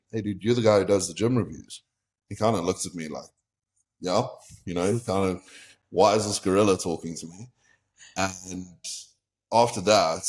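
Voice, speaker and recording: A young South African man with a very low voice, guesting with a podcast host, tells a long personal story casually and candidly. Along the way he slips into the quoted voices of people he met.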